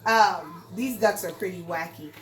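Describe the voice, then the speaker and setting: A woman's voice: fairly low pitch, measured pace, roomy sound, far from the mic, faint music behind, rough recording. A woman teaching a recorded lesson to young children in a sing-song, encouraging way, stressing words for emphasis.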